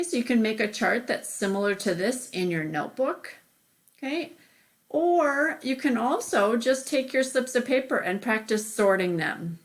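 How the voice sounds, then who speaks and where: A woman teacher giving a remote phonics lesson, patient and step by step, often saying okay. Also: mid-range voice.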